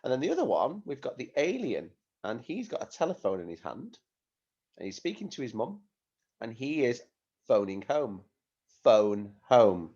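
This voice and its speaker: A male primary school teacher giving a phonics lesson to young children, speaking slowly in a sing-song way and asking many tag questions. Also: medium pitch, huge pitch swings, darkish tone, breathy edge, highs cut off.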